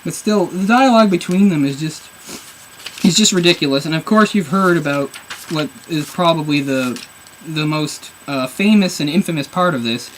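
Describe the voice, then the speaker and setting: A man's voice: on the high side, normal speed, slight background noise, low-quality recording. A man reviewing a comic book on camera, rambling in an exasperated, sarcastic way. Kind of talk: casual video review.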